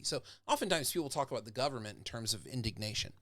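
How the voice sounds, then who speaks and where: A man's voice: medium pitch, expressive, fast talker, fairly bright tone, no room sound. A man, a professor, giving a casual lecture. He talks conversationally and acts out example speakers with growing intensity.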